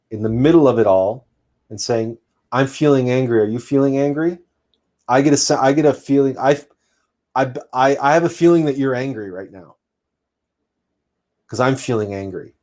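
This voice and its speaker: A man's voice: medium pitch, a little mellow. A man hosting a spiritual relationship talk, earnest and emphatic, often repeating and restarting his phrases. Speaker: host.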